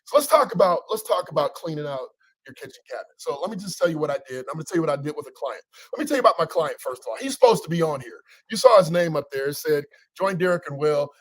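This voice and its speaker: A man hosting a casual motivational talk as a coach, energetic and teasing, with preacher-like repetition. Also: fairly high pitch, dry recording, low-quality recording. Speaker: coach and show host.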